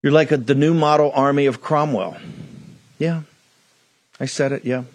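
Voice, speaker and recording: A man's voice: medium pitch, fairly even intonation, moderate pace, no room sound. A man hosting a political talk show, delivering an emphatic monologue with hammering repetition into a studio microphone.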